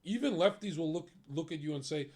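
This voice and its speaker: A young man talks to his stream in a casual, blunt rant. His voice sits a little higher than most men's, and he swears freely as he runs through his opinions. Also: expressive, brisk, darkish tone. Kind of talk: casual chat.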